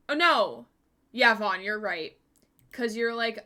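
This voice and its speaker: A woman's voice: mid-range voice, moderate pace, pushed and bright. A young woman streaming live, chatting with viewers in a bubbly, giggly way at a desk microphone. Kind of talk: casual live-stream chat.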